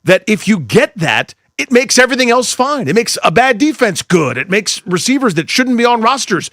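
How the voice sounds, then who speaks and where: A man's voice: high voice, very animated, moderate pace, a bit bright, no echo, clean studio sound. A man co-hosting a sports radio show, riffing on football with exasperated asides. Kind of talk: casual sports talk.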